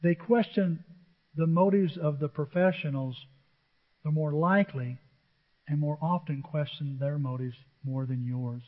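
Guy preaching a sermon, keeps asking the crowd questions, kinda high voice, muffled recording. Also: fairly even intonation, unhurried. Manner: emphatic, rhetorical questions to the congregation. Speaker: pastor. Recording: dull echoey church recording.

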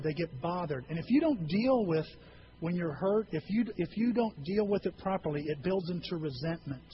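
A man's voice: on the high side, highs cut off, slight background noise. A male pastor preaching a sermon in a church, earnest and conversational, with frequent rhetorical questions.

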